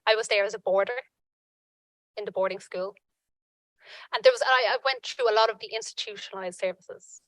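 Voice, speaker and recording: A woman giving earnest personal testimony at a conference panel, halting with frequent restarts. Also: mid-range voice, fairly bright tone, no room sound, rough recording.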